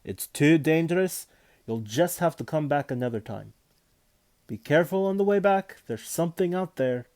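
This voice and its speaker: A man reading aloud voices an anxious middle-aged householder who warns loudly and urgently. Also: a little high, animated, moderate pace, voice pushed up. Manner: loud, urgent warnings.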